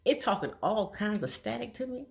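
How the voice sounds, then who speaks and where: A woman telling a personal story in a casual vlog, talking fast and laughing often. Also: medium pitch, expressive, vocal fry. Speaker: vlogger.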